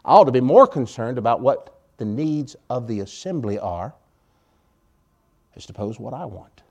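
A man's voice: medium pitch, big pitch swings, moderate pace. Man preaching a conversational sermon. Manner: conversational, rhetorical questions, wry sarcasm, volume swings. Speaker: pastor.

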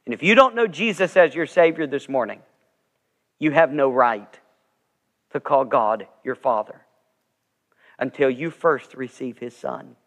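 A man's voice: medium pitch, expressive, measured pace, pauses often, fairly bright tone. A man preaching a sermon as pastor, telling stories earnestly and swelling with emphasis. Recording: long reverb of a large sanctuary.

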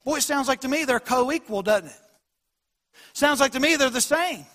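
A man preaching a sermon as pastor, swinging from quiet lows to loud emphatic peaks. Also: expressive, normal speed. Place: church sanctuary.

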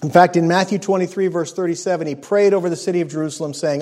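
Earnest, higher-voiced male preacher. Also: steady tone, quick pace, few pauses, a little mellow. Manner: earnest, emphatic preaching with dramatic drops in volume; acts out scripture quotes in character voices. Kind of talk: sermon.

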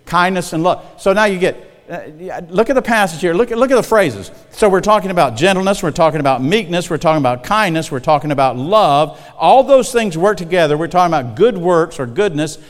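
A man's voice: sits high, lively intonation, a little fast. A middle-aged man preaching a sermon in a folksy, conversational way, often checking in with his congregation. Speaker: pastor. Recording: long hall reverb.

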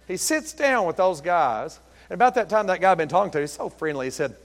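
Middle-aged male pastor, gravelly and a touch high, folksy joking sermon delivery. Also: fast talker. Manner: folksy, joking, lively storytelling. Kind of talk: sermon with humorous stories.

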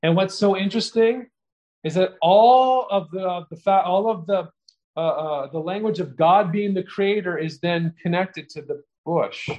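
A middle-aged man preaching a sermon, earnest and expository, growing more animated as he explains scripture. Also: high voice, unhurried, lo-fi sound. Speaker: pastor.

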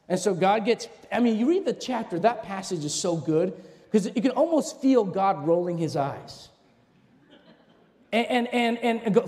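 Preacher guy w a high voice, gets loud n animated, lots of hall echo. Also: a little fast. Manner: animated preaching, rising to shouts, asks the congregation questions. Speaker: pastor. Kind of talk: sermon. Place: church sanctuary.

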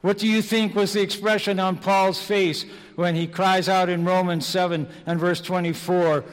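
A man preaching an evening sermon, slow and dramatic, moving between hushed and loud passages. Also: high-pitched, flat delivery. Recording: long reverb of a large hall.

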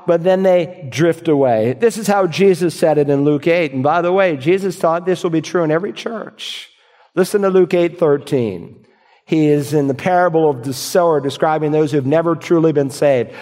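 A man's voice: on the high side, normal speed, darkish tone. Man preaching a sermon in reverberant hall. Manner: expository preaching, reading scripture aloud, imagined congregant objections. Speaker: pastor.

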